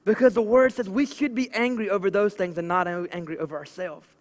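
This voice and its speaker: High-voiced Southern pastor, chatty sermon. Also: male voice, steady tone, brisk. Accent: Southern American. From American South. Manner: casual, chatty preaching with many "like" fillers. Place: church auditorium. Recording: long church hall reverb.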